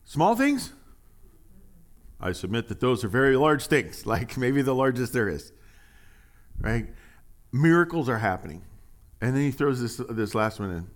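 Male pastor, chatty sermon delivery, playful jokes, sudden loud stresses, mid-range voice. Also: mid-range voice, normal speed. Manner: animated, joking, swings from hushed to loud emphasis. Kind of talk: conversational sermon.

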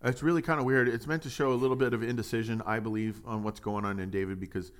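A man's voice: mid-range voice, fairly even intonation, quick pace. A pastor giving a casual, conversational sermon, reading scripture aloud and asking his listeners rhetorical questions.

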